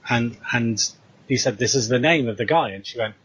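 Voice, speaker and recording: A man's voice: mid-range voice, normal speed, breathy edge, low-quality recording. A British man casually retelling a story, acting out the dialogue as he goes. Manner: animated retelling with quoted dialogue. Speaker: co-host.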